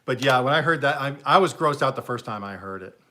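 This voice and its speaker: A man's voice: mid-range voice, expressive, fast, bright, forceful tone. A man hosting a live stream, casually telling jokes as a rambling, chuckling storyteller. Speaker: livestream host.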